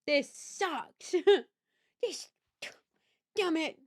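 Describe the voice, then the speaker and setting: A young woman chatting casually on a live stream, bubbly and swinging between quiet mumbling and squealed greetings. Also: high voice, expressive, very slow, long pauses. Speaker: livestreamer.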